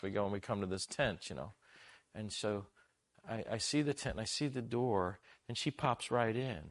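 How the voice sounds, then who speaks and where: A middle-aged man preaching a sermon, telling a family story and acting out its voices with lively energy. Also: mid-range voice. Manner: animated, acts out the story in funny voices.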